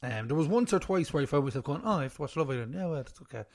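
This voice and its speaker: A man's voice: on the high side, animated, rapid-fire. A man co-hosting a casual podcast from home, chatty and teasing. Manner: teasing, chatty, bursts into put-on hype. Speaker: podcast co-host. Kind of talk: casual chat.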